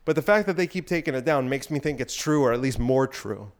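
Male podcast host, smooth resonant voice, slightly out of breath, rambling provocative monologue. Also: medium pitch, lively intonation, a little fast. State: out of breath while exercising.

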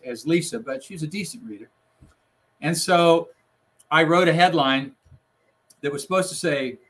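Laughing as he goes, a man who used to produce TV newscasts tells funny stories in an easygoing conversation. He's an animated storyteller with a fairly high, slightly rough voice.

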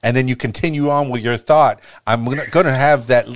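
Man, podcast host, neutral American accent, stammering, repeats words, mid pitch, dry close sound. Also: brisk, dry recording. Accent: neutral General American broadcast. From Miami, Florida. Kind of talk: casual podcast interview.

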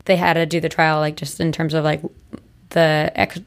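Young female podcast co-host, lower voice, casual rambling storyteller. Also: little pitch movement, moderate pace. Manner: chatty, many likes and restarts.

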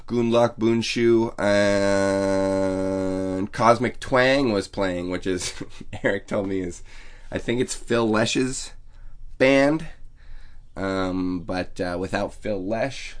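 A man telling a rambling, profane, self-mocking story as a podcast host. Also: fairly low pitch. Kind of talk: casual storytelling monologue.

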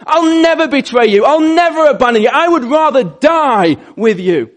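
A man's voice: animated, moderate pace. A man voicing an impulsive, boastful disciple. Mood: fervent. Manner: high, loud, earnest protesting.

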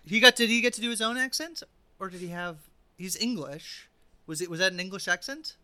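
A man's voice: high-pitched, a little fast, pushed and bright, no room sound. A man hosting a casual podcast, chatty and full of fillers and restarts. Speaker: podcast host.

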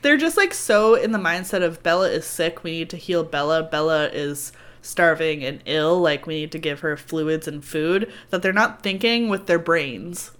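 A woman's voice: sits low, normal speed, a bit bright. A young woman co-hosting a podcast, chatting casually, laughing often and swearing freely. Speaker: podcast co-host. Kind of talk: casual chat.

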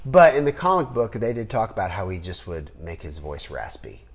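A man hosting a podcast in casual chat, rambling and trailing off into low mutters. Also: fairly quick, breathy edge. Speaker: podcast host.

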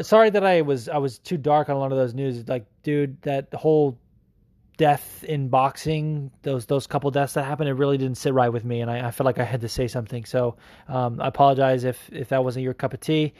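A man's voice: mid-range voice, a little mellow, dry recording. A man hosting his own podcast, rambling with plenty of "um"s and cheerful swearing. His voice is recorded close and dry, with no room sound. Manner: profane, rambling, with many fillers. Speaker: podcast host. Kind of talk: casual podcast monologue.

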